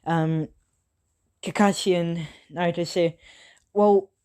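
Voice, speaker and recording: A person improvising a fan-fiction story at home in a loose, unscripted way, stopping often to correct themselves. The talk is casual and peppered with swearing, and the pitch sits in a middle range. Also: steady tone, takes it slowly, darkish tone. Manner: rambling, loose and unscripted, full of self-corrections.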